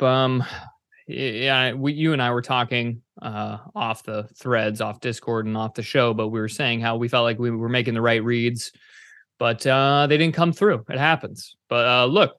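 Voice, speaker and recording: A man's voice: mid-range voice, fairly bright tone, dry recording, clean studio sound. A man from the United States co-hosting a betting podcast in casual, easygoing chat with many fillers. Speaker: podcast co-host.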